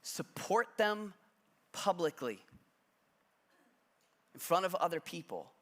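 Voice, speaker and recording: A man preaching from the front of a church, with a bright, forceful tone that sits a bit high for a man. He speaks in a relaxed, conversational way and pokes gentle fun at himself. He sounds like he is in his thirties. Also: takes it slowly. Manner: conversational storytelling with self-deprecating humor. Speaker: pastor. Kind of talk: sermon. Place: church sanctuary.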